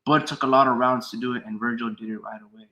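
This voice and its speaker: A man's voice: medium pitch, steady tone, quick pace, bright, forceful tone. A man giving casual, profane boxing commentary on a stream, reading out chat comments and arguing back at them. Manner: heated, profane, argues with chat; reads chat comments aloud and answers them.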